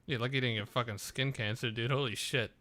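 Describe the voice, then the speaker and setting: A man's voice: medium pitch, steady tone, fast, sharp tone. A young man co-hosting a podcast in casual chat, reacting to a story with laughs and swearing exclamations. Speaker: podcast co-host.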